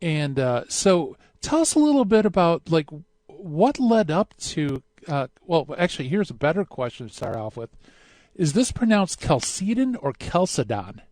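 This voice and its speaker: A man's voice: fairly high pitch, big pitch swings, moderate pace, darkish tone, dry recording. A man hosting a call-in radio show, chatty and hesitant with many fillers. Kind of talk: casual call-in radio interview.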